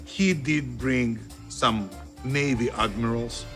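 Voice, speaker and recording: A man's voice: medium pitch, takes it slowly, fairly bright tone. A man recounting events in a documentary interview in a plain, matter-of-fact way. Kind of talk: storytelling interview. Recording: faint music under voice.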